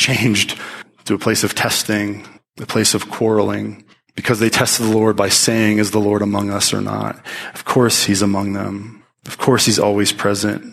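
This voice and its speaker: A man preaching a sermon to a live congregation, speaking in an animated, emphatic way with frequent restarts. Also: lowish voice, vocal fry, breathy edge. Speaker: pastor teaching.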